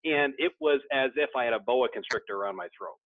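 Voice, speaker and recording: A man's voice: medium pitch, fast talker, no echo. A man sharing his story candidly in a recovery support meeting, often restarting his sentences. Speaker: support group member. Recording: dry tinny phone-like sound.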